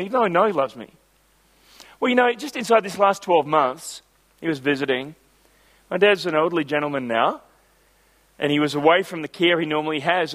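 High-voiced man preaching. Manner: storytelling, swelling to emphatic preaching. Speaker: pastor. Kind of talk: sermon.

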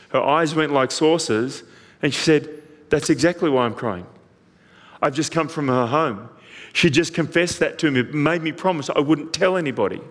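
A male pastor preaches with lively storytelling and slips into the voices of the people in his stories. His voice sits a little high for a man. The sound carries a long reverb, as in a large hall. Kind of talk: sermon.

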